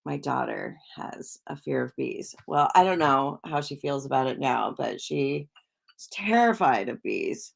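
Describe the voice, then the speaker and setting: A woman's voice: rumbling low, lively intonation, unhurried, creaky. A middle-aged woman hosting a casual livestream, chatting with viewers and reading their comments in a rambling way. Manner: chatty and rambling, with frequent restarts and soft laughs. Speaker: psychic livestream host.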